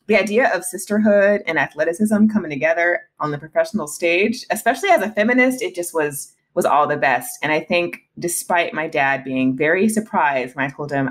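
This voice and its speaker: A woman's voice: fairly low pitch, brisk, few pauses. A woman in her thirties talking candidly as a podcast guest, emotional at times, with frequent restarts and laughs. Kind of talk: casual interview conversation.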